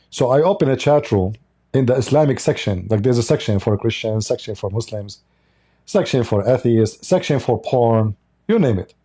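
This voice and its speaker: Sarcasm and mockery fill this man's livestream commentary, given in non-native English. His mid-range voice sounds mellow as he delivers the polemic.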